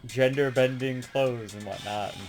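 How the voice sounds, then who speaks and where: Rambling gamer vlogger, swears constantly, laughs a lot, gets super hyped, mid-pitched voice, faint music underneath. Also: moderate pace, gravelly. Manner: rambling, profane, laughs often, excitable. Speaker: gaming video host. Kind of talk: casual rambling retrospective.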